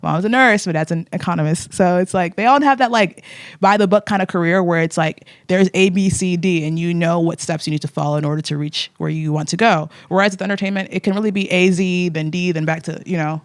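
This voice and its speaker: A woman's voice: fairly low pitch, brisk, dry recording, studio quality. A young woman in her twenties, a podcast guest chatting casually and full of fillers. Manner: chatty, filler-heavy, lively. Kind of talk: casual interview chat.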